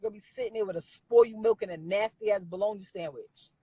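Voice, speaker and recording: A woman's voice: mid-range voice, fast talker, mellow, breathy edge, no echo, low-quality recording. A woman in her forties, ranting bluntly and profanely at her viewers on a phone live stream.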